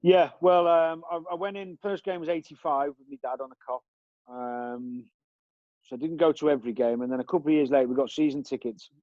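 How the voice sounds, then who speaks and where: A man's voice: fairly high pitch, a little fast, no room sound, highs cut off. A man, a guest telling long stories in a rambling way, with many restarts and fillers. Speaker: interview guest, former footballer. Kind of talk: relaxed storytelling.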